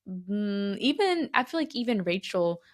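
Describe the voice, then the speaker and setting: A young woman co-hosts a casual chat podcast. She reads a story aloud and then talks it through, with plenty of "like" and some disbelief. Her pitch sits in the middle range for a woman. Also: big pitch swings, measured pace. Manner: chatty, fillers like "like", reacts with disbelief. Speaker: podcast co-host.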